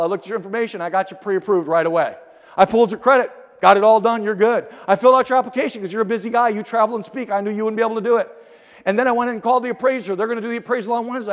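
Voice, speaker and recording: A middle-aged man giving an energetic motivational keynote speech in a large conference hall, telling stories and acting out the dialogue. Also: high-pitched. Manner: energetic, storytelling with acted-out dialogue. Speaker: keynote speaker. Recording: long hall reverb.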